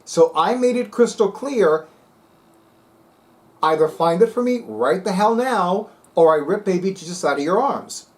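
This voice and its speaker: A sassy man hosting his own vlog, speaking with a fairly high voice. He talks in an emphatic, dramatic way and leans hard into his points. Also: lively intonation, measured pace. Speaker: spiritual video host. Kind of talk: casual vlog chat.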